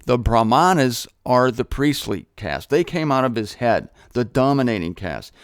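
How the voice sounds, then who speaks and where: A man hosting his own show, teaching in a casual, chatty way with jokey asides and animated emphasis. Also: medium pitch, normal speed, clear, resonant tone, no room sound, studio quality. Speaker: host. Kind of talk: casual solo Bible teaching talk.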